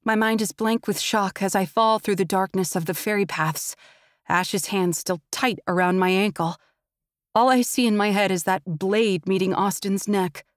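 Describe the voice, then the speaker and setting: A woman's voice: medium pitch, no echo, studio quality. A woman narrating a fantasy audiobook in the first person, with tense and intimate storytelling.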